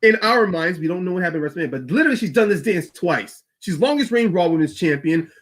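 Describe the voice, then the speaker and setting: A man hosting a casual wrestling podcast, talking fast with restarts and fillers. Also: high-pitched, expressive. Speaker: host.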